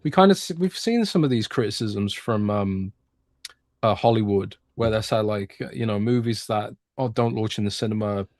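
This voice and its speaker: A man's voice: lowish voice, normal speed, a little mellow, dry recording, clean studio sound. British man talking casually. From Britain. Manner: hesitant, many restarts. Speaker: gaming reporter, podcast guest. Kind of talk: casual podcast chat.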